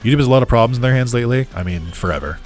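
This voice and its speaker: A man's voice: medium pitch, expressive, very fast, soft background music. A man chatting casually while streaming a game, ranting sarcastically, swearing a lot and laughing often. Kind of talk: casual gaming stream chat.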